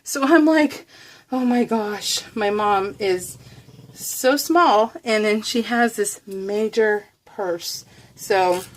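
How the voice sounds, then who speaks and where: Woman vlogger narrating a casual voice-over, mid-pitched, rambling and giggly, pokes fun at herself. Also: slow. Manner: rambling and chatty, laughs often; self-deprecating. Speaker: craft vlogger.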